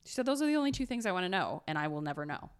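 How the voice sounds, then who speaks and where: A woman casually retelling a true crime story on a podcast, animated and blunt, acting out quotes. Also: lowish voice, racing, smooth. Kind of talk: casual chat.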